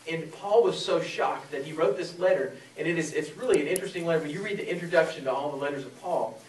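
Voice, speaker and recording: Pastor preaching in an echoey hall. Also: male voice, on the high side, quick pace, slight background noise. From Florida. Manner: conversational storytelling with frequent fillers. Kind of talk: sermon. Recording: echoey room from a distance.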